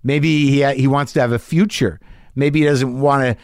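A man hosting a podcast, chatting casually and rambling in self-deprecating, animated asides. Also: medium pitch, moderate pace, no room sound, clean studio sound. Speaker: podcast host. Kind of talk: casual podcast chat and monologue.

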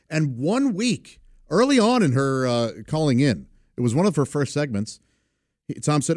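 A man's voice: fairly high pitch, big pitch swings, normal speed, dry recording, studio quality. A man hosting a podcast in a casual monologue, chatty and rambling, laughing at his own stories. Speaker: podcast host.

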